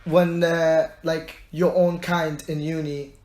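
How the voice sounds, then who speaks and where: A man's voice: a little high, slow pace. Young man telling stories, roomy echo. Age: young adult. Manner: relaxed storytelling, laughs often. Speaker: podcast co-host. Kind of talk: casual chat. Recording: echoey room, faint noise.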